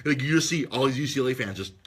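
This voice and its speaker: A podcast host telling an excitable story in casual chat, swearing freely and breaking into loud, shrieking impressions. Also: male voice, mid-range voice, racing, a little hiss or hum. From Los Angeles area.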